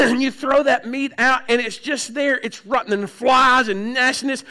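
High-voiced animated preacher man. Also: a little fast, few pauses. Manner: animated, swings from loud outbursts to hushed low tones; frequent throat clearing. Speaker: pastor. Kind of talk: sermon.

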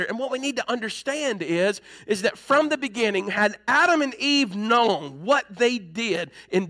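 A male pastor delivering an emphatic sermon, climbing higher as he presses his points. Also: bright, forceful tone. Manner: emphatic, rising in pitch when preaching hard.

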